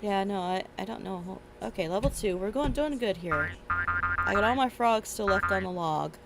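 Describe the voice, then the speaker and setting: A woman's voice: medium pitch, normal speed, creaky. A woman streamer chatting casually and rambling while playing a game, laughing often. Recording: loud game music behind.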